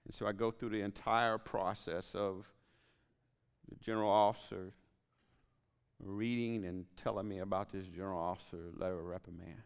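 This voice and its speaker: Man, pastor, sermon, low gravelly voice, storytelling with hushed asides, reverberant hall. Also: flat delivery, moderate pace. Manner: storytelling preacher, quiet whispered asides to the congregation.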